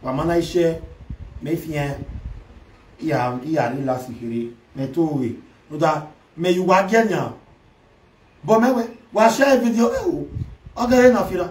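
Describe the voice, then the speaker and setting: Loud taunting man in an echoey room. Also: sits high, expressive, normal speed, pauses often, recorded from a distance, slight background noise. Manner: loud taunting rant in Pidgin, Yoruba and Igbo. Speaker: social media commentator. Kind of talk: ranting livestream commentary.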